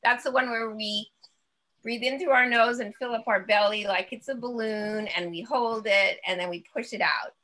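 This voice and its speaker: A woman's voice: on the high side, steady tone, normal speed, sharp tone. A woman teaching a laughter yoga class, chanting ho-ho-ha-ha and guiding breathing with an upbeat, laughing manner. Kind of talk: guided laughter exercise class.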